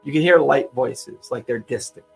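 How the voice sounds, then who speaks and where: Husky-voiced male game master. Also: mid-range voice, faint music behind. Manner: relaxed, halting narration with repeats. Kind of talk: narrating a tabletop game.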